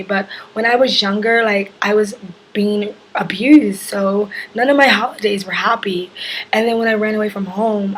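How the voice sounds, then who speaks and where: A young woman talks straight to camera in a relaxed story-time vlog, her voice hoarse and husky from an allergy attack. She rambles along in a chatty way, full of casual fillers, at a middle pitch for a woman. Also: slight background noise, low-quality recording. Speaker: travel vlogger.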